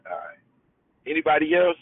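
A man's voice: fairly high pitch, animated, fairly quick, dry recording. A man from Chicago, a pastor hosting a call-in line, answering callers with short affirmations over the phone. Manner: brief warm affirmations like "come on" and "amen". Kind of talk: casual chat on a call. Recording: dry tinny phone line.

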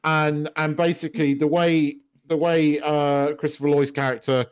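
A man's voice: on the high side, little pitch movement, normal speed, smooth, no echo, studio quality. A man co-hosting a podcast, chatting casually about films, swearing freely and acting out quoted lines. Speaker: podcast co-host. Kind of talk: casual film discussion.

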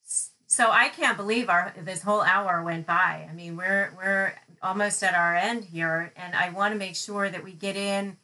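A woman co-hosting a talk show, lively and chatty, drawing on stories from her legal clients. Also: medium pitch, moderate pace, few pauses, rough recording. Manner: animated storyteller, acts out quotes. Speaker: co-host, family lawyer. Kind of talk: casual chat.

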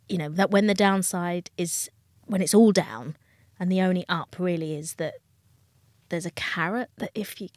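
A woman's voice: fairly low pitch, no room sound. A woman, a dating coach talking frankly and with feeling as a guest in an interview. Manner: frank, emotional, acts out quoted voices. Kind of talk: candid interview talk.

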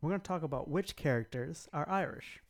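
A man's voice: a little high, fairly quick. A man co-hosting a podcast, chatting casually and telling jokey stories. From United States. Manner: joking, lively storytelling. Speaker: podcast co-host. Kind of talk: casual chat.

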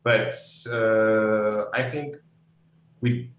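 Low-voiced man in an echoey room. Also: steady tone, extremely slow. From Ukraine. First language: Russian. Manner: thoughtful, hedging often with "I think". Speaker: guest. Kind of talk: conversational interview answers. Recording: echoey room, distant mic, faint hum.

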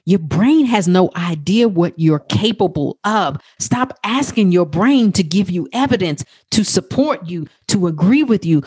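A woman life coach hosting a motivational podcast, talking in an animated, profane way. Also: slightly rough, no echo, clean studio sound. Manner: animated, profane, acts out quoted talk in a high voice.

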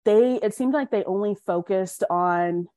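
In a mid-range voice and a little slowly, a young Colorado woman shares her life story as a podcast guest in a candid interview, lively and frank as she acts out quoted lines. The studio-quality recording has no room sound.

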